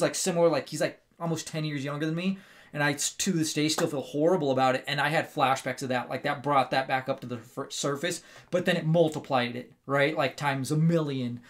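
Animated man rambling through a movie review. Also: fairly high pitch. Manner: animated rambling storytelling, lots of "like" and "right?". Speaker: movie review show host. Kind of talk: casual spoken movie review.

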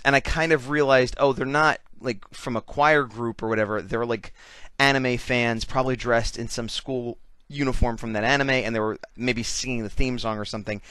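A man's voice: medium pitch, fairly bright tone, no echo. A man giving a rambling, self-deprecating voice-over in casual conversation, hiccuping now and then. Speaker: artist and convention vendor.

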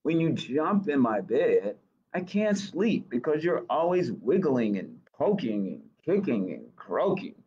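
A man voicing a grumpy, sleepy father frog, grumbling in a weary, drawn-out way. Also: mid-range voice, very animated, a little mellow, muffled recording.

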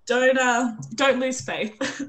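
A woman's voice: sits high, steady tone, slow pace, a bit bright, low-quality recording. A woman hosting a casual interview, earnest and encouraging as she asks questions. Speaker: interview host.

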